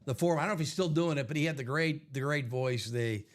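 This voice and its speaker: A man's voice: medium pitch, fast. A man co-hosting a live sports card break, chatting and rambling through sports tangents. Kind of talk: casual live-stream banter.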